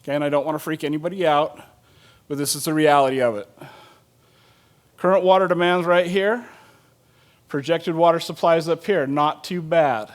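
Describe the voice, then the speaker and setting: A man's voice: on the high side, moderate pace, long pauses. A middle-aged man speaking casually at a conference panel, joking and using many fillers as he presents his agency's work. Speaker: state water agency planner presenting at a conference.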